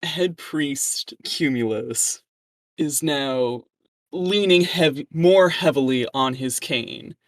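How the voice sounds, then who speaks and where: Woman, game master, tabletop narration, relaxed, dry. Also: low-pitched, slow, dry recording. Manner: relaxed, loose narration with fillers.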